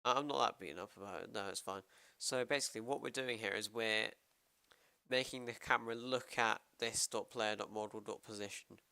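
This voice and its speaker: British male streamer, bright crisp voice, casual coding talk, thinks aloud. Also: on the low side, fairly quick, dry recording. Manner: rambling, self-interrupting, thinking aloud. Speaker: programmer streamer.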